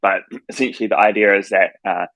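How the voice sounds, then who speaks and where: Very deep man, tired voice, careful and full of ums, dry sound. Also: fairly even intonation, a bit bright, no echo, rough recording. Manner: measured, hedging, many "um"s. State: voice starting to go. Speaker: project team member answering questions. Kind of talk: casual explanation in an online AMA.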